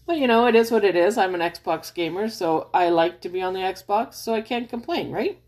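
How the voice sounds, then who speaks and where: A woman talking casually as a gamer vlogger, chatty and excitable, often correcting herself and acting out her own reactions. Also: medium pitch, a little fast. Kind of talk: casual chat.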